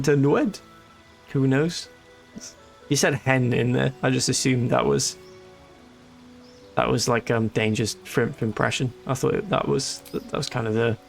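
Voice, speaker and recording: Gravelly man joking through a game. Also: mid-range voice. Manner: joking, rambling, self-amused. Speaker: streamer. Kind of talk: casual let's-play commentary.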